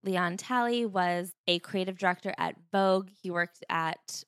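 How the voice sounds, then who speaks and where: A woman co-hosting a book podcast in casual chat, with wry quick asides. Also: on the low side, clear, resonant tone, no room sound, clean studio sound. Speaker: podcast co-host.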